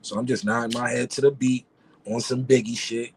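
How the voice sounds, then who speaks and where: A man's voice: mid-range voice, flat delivery, brisk, vocal fry, a little hiss or hum. A middle-aged man from Harlem, a guest rapper telling a laid-back, profane story. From Harlem, New York. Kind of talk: casual storytelling.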